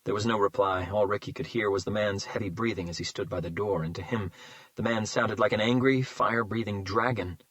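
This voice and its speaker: A man reading a crime thriller audiobook in a measured, tense narration. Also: on the low side, a bit bright, dry recording, low-quality recording. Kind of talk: scripted narration.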